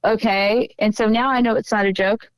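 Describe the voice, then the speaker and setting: A woman's voice: medium pitch, steady tone, moderate pace, clean tone, dry recording, poor audio. A woman as a podcast guest, telling a personal story in an earnest, emotional way during a casual interview.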